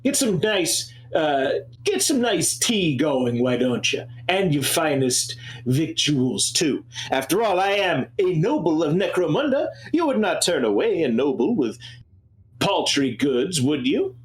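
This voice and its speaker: A man voicing a pompous, haughty male noble who makes demands in a grand, drawn-out way. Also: extremely high pitch, very animated, a bit bright, reverberant, voice pushed up, exaggerated voice.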